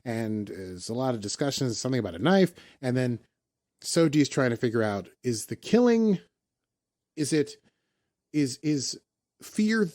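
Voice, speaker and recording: A man casually retelling a TV episode on a podcast, rambling and slipping into quick impressions of the characters. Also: mid-range voice, darkish tone, no room sound, clean studio sound. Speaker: podcast co-host recapping an episode. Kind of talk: casual chat.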